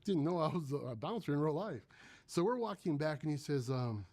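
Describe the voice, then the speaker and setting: Guy in his 30s telling a wild story, slightly high voice, jumps into voices for everyone. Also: brisk. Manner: animated, acts out voices in quotes. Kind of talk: casual storytelling.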